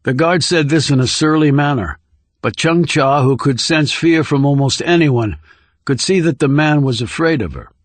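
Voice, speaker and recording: A man's voice: on the high side, dry recording. Man narrating a thriller audiobook. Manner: measured, steady storytelling. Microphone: close studio microphone.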